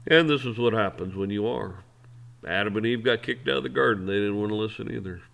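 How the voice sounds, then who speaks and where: A man's voice: lowish voice, brisk, creaky, a bit bright. A man hosting an opinion show, ranting in a blunt, heated, profane way. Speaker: host. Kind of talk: opinion rant.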